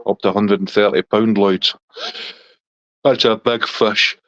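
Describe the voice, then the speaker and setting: Scottish guy with a real low voice, laid back chat, dull dry lo-fi sound. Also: unhurried, no echo. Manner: relaxed, chatty, talks to his dog in a high baby voice. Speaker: livestream host chatting with viewers. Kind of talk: casual chat.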